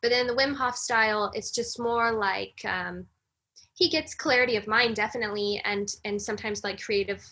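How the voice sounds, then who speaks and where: Woman guest chatting on a podcast, bright breathy voice, animated storytelling, lots of "you know". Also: medium pitch, normal speed. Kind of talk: casual storytelling conversation.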